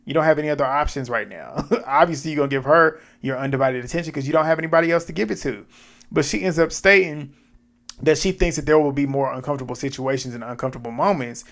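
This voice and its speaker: A man casually recapping a reality dating show, retelling scenes with lively quoted dialogue and blunt asides. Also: on the high side, quick pace. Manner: animated retelling with quoted back-and-forth and asides.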